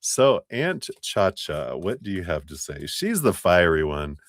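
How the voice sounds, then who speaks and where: A man's voice: low voice, big pitch swings, measured pace, dry recording, studio quality. A man giving a live tarot reading, chatty and rambling, often breaking into laughter. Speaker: tarot reader.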